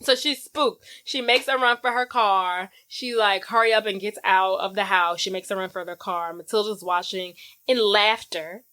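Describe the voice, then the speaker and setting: A woman co-hosting a podcast, casually retelling a film's plot in slang-filled, animated chat. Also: mid-range voice, moderate pace. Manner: animated storytelling with acted-out quotes. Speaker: podcast co-host. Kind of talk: casual movie recap chat.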